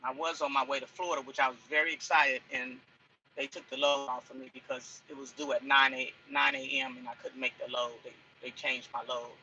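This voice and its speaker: A woman's voice: rumbling low, little pitch movement, fairly quick, sharp tone, breathy edge, muffled recording. A woman truck driver chatting in a casual cooking vlog from inside her truck cab. She rambles and repeats herself as she talks.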